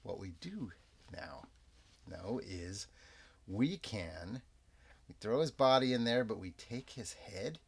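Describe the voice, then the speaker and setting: A man narrating a solo tabletop game as game master, in a relaxed, rambling, self-amused way. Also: on the low side, takes it slowly, husky. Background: soft background music.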